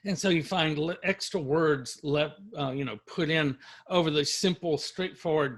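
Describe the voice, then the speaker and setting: A man's voice: fairly high pitch, a bit bright, breathy edge. A middle-aged man from Louisiana, a university lecturer, reading verse aloud to a class and explaining it with frequent fillers.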